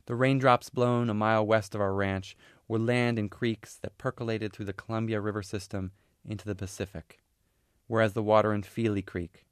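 Male author reading literary fiction; low register, measured pauses, dry close-miked sound. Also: level tone, clear, resonant tone, no echo. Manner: measured, unhurried storytelling with pauses. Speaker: author reading his novel.

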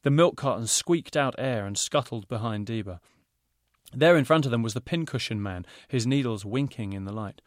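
Author reading his kids book out loud, middle pitch voice, super dry close sound. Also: moderate pace, dry recording. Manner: steady storytelling narration. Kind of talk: reading a children's novel aloud.

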